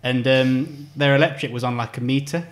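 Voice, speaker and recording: A man's voice: mid-range voice, brisk. A young man from England chatting casually about football, full of fillers and easy laughs.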